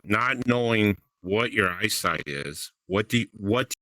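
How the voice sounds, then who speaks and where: A man's voice: on the low side, lively intonation, slow, sharp tone, dry recording. A man co-hosting a podcast in casual chat, rambling and stumbling over his questions. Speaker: podcast co-host.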